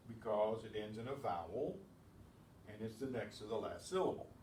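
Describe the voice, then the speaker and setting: A man's voice: fairly low pitch, expressive, moderate pace, a little mellow. Man teaching a class from a distance. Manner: patient, explanatory, asks and answers own questions. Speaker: Spanish teacher. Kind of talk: classroom lesson. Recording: echoey room, distant mic, faint noise.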